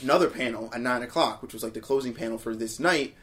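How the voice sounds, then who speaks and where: A man's voice: mid-range voice, quick pace, a bit bright. A man co-hosting a podcast from a hotel room in casual chat, ranting with lots of swearing and hesitant fillers. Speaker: podcast co-host.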